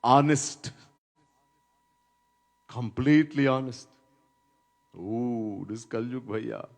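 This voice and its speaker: A man's voice: mid-range voice, takes it slowly, creaky. A man giving a devotional lecture as a swami, telling stories and now and then chanting verses, stressing words by repeating them. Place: Trinidad.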